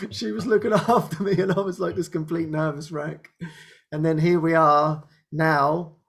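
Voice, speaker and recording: A man's voice: on the high side, steady tone, measured pace, gravelly, fairly bright tone. A man hosting a spiritual group talk, often restarting his sentences, laughing and acting out quoted speech. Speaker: host.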